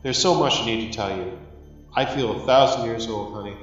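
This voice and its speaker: A man voicing a tired, loving husband who speaks low and soft. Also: brisk, very echoey, soft background music, close to an everyday voice. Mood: weary. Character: weary, loving husband far away. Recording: slightly dull recording.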